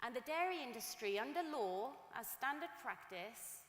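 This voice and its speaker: A woman's voice: a little high, lively intonation, moderate pace, few pauses, a bit bright. A woman giving an earnest, emphatic public talk, often repeating words as she builds each point. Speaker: speaker at a talk. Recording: echoey hall with long reverb.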